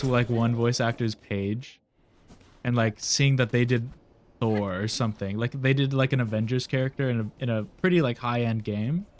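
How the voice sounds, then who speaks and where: Nasal young male streamer, mid-pitched, loose rambling chat with frequent laughs, faint music underneath. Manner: rambling, laughs often, swears casually. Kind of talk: casual gaming stream chat.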